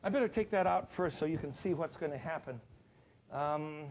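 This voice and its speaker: A man's voice: on the high side, normal speed, noisy background. A man hosting a cooking show, demonstrating a dish in a studio kitchen in a chatty, enthusiastic way with jokey asides.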